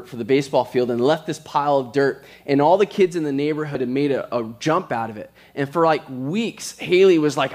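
A man as pastor, preaching a sermon in a conversational way and telling stories with quick asides. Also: medium pitch, a little mellow.

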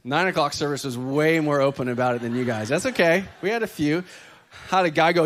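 A man, preaching a lively sermon full of jokes and acted-out quotes. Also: a little high, fairly quick. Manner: lively, joking, acts out quoted voices. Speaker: pastor.

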